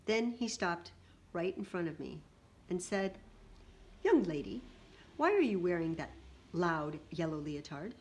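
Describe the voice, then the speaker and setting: A woman reading a picture book aloud in an animated way, adding little asides to her listeners. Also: medium pitch.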